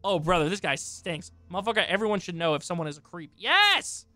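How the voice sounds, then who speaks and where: Profane, hoarse male streamer reacting live. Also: high-pitched, sing-song, brisk, bright, forceful tone, no room sound, soft background music. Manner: profane, exclaiming, talks back at what he reads. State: hoarse from long talking. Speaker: streamer reacting to online drama.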